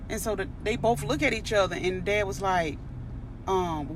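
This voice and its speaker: A woman telling a storytime about her school front-office job in a chatty, lively way, acting out everyone's quoted lines. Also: mid-range voice, moderate pace, background noise. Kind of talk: casual storytime vlog.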